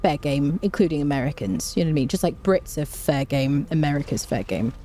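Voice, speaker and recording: A woman's voice: low voice, lively intonation, a little fast, dark tone. A woman chatting casually on a game stream, reading viewer messages aloud and laughing often. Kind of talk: casual live-stream chat while gaming.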